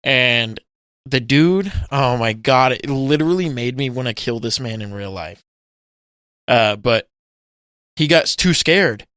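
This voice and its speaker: A man co-hosting a casual podcast, recounting scenes with a lot of swearing and sudden acted-out yells. His voice is bright and crisp. It sounds close and dry, with no room around it. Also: mid-range voice, a little slow, no room sound. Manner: animated storytelling, swearing, loud acted-out yells. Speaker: podcast co-host. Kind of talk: casual chat.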